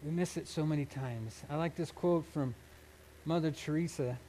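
A man preaching a sermon, earnest and emphatic, often restarting his phrases and breaking into soft laughs. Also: on the high side, moderate pace, rough recording. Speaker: pastor.

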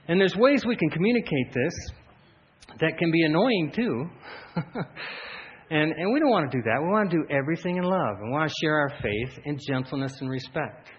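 A man preaching a sermon as pastor, telling stories animatedly with frequent laughs and loud shouted bursts. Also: fairly high pitch, sing-song, normal speed. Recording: dull lo-fi sound, faint room ambience.

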